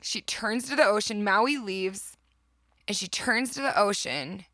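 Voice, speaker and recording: Bright, enthusiastic woman podcast host. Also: medium pitch, no echo. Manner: enthusiastic, heartfelt, quick storytelling. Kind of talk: casual reflective podcast talk.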